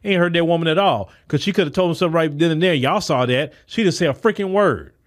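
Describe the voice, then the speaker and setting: A man's voice: fairly high pitch, fast talker. A man hosting a podcast, delivering a blunt, emphatic solo commentary that restarts and repeats words as he pushes his points. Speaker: podcast host. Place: Texas.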